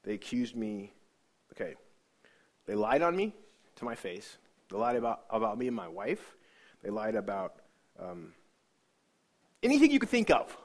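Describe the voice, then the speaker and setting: A man giving an emotional personal testimony about his faith, earnest and halting, often repeating words as he searches for them. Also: medium pitch. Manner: earnest, halting, repeats himself when moved. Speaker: speaker sharing a faith testimony.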